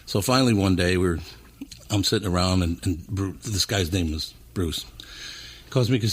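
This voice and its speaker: A male talk show host with a low, husky voice, chatting casually. He tells a rambling story with lively energy. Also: moderate pace.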